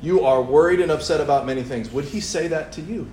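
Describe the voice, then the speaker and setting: A young man preaching a sermon in a church, animated and playful, acting out voices as he tells the story. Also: on the high side, quick pace, slight background noise. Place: church hall. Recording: echoey church room, faint ambience.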